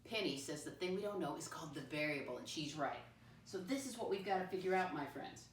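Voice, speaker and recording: A woman's voice: low voice, expressive, fairly quick. Patient teacher woman, roomy and distant. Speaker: first-grade teacher. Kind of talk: recorded classroom lesson for young children. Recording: roomy, voice from a distance, faint background noise.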